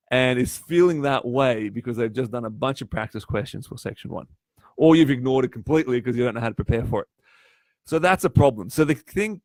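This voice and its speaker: A man teaching a live-streamed exam prep lesson, animated and full of restarts, acting out quoted voices. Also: mid-range voice, no room sound, clean studio sound. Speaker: test prep tutor.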